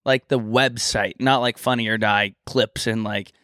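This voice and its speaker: Animated man chatting in a dry room. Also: measured pace, dry recording. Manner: animated storyteller, bursts into loud high impressions. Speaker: podcast co-host. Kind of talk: casual chat.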